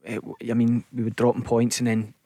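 A man's voice: medium pitch, brisk, vocal fry, no echo. A man, a former player talking football on a radio show, telling stories with many fillers. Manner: relaxed storytelling with fillers. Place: radio studio.

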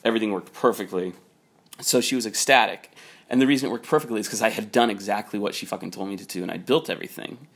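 A man's voice: fairly low pitch, quick pace, a bit bright, slightly rough. Rambling man telling a work story. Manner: rambling, many "like" fillers, quotes people in raised voice. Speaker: storyteller recounting a work conflict. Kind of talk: casual personal storytelling.

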